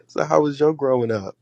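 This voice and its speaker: Gravelly man in a dry room. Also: fairly high pitch, a little mellow, no echo, highs cut off. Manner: easygoing, agreeable, loose speech with fillers. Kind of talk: casual chat.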